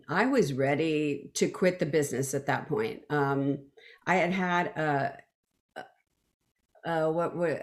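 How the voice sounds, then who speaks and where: A woman singer telling her story in an interview, acting out quotes, with many fillers and restarts. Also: sits low. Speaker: guest, backing vocalist.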